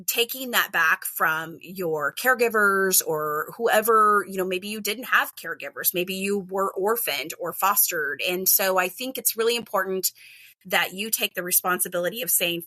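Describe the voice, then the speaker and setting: A bright, forceful woman's voice, chatty and animated, filled with "like". She is a middle-aged kindergarten teacher on a podcast, and the dry recording has no room sound. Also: mid-range voice, no room sound. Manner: chatty, animated, heavy use of "like". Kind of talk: casual podcast interview.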